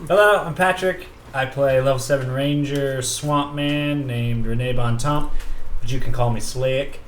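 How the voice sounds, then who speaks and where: A man playing a tabletop game, joking and relaxed. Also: medium pitch, a little slow. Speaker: player. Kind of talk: casual tabletop play. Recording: roomy with faint noise.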